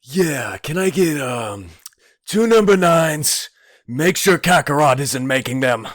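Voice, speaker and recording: A man voicing a gruff, proud alien prince, loud and brusque. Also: fairly high pitch, lively intonation, takes it slowly, no echo, clean studio sound.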